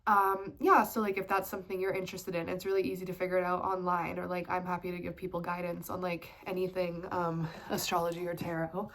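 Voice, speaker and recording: A woman in her twenties talks at a quick clip with few pauses, her fairly low voice barely moving in pitch and carrying a slightly bright quality. Congested from a cold, she chats rambling and filler-laden about tarot and astrology in a casual spiritual vlog.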